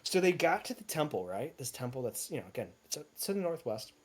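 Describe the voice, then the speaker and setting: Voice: mid-range voice, very animated, quick pace, breathy edge. A game master narrating a tabletop game in a rambling way, with many fillers and asides.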